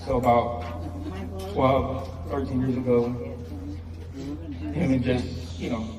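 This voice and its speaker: A man speaking as a father at a funeral, soft-spoken and halting, with many pauses in plain everyday speech. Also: mid-range voice, fairly even intonation. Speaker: father giving a eulogy. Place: church or funeral hall. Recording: echoey hall, mic at a distance.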